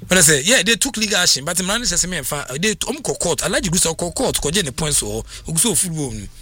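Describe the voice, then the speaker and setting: Bright-voiced sports talk man. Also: on the high side, no echo. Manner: animated, mixes Twi and English, halting restarts. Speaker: sports radio pundit. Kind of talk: sports talk radio chat.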